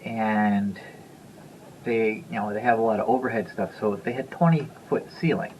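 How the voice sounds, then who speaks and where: A man's voice: lowish voice, moderate pace, darkish tone, a little hiss or hum, low-quality recording. A man in his fifties telling a story to the camera in a loose, rambling way, chuckling and repeating himself. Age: 50s. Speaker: vlogger. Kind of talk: casual storytelling.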